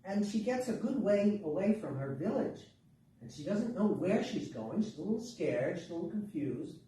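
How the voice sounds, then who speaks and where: A man telling a story to a workshop class in a lively, dramatic way. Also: sits high, moderate pace. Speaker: workshop teacher. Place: workshop room. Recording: echoey room, distant mic, faint noise.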